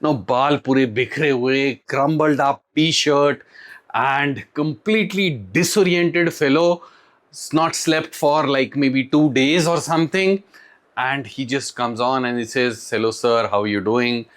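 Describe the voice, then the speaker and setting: A middle-aged man with an Indian accent, telling interview stories to camera in an animated way, acting out quotes and laughing often. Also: medium pitch, slow. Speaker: tech interviewer and channel host. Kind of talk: storytelling to camera.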